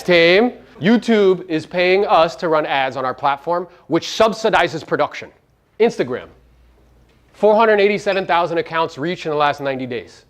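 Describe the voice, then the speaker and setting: Brash, animated man firing questions at a crowd. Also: high-pitched. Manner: brash, profane, fires rhetorical questions at the crowd. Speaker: real estate business owner giving a media talk. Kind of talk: live seminar talk to an audience.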